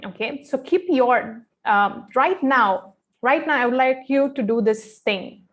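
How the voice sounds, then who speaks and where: A woman with a slightly high voice gives a training session for pageant contestants. She talks in an instructive, friendly way, often pausing on "um" and checking in with "okay". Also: animated. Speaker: pageant fashion and grooming coach.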